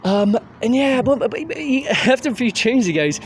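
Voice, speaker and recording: A young man giving a sweary, animated gig review while out on a street, laughing as he tells it. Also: extremely high pitch, normal speed. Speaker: music reviewer. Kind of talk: casual ranting gig review. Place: outdoors on a street. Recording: street traffic noise behind. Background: traffic and street ambience.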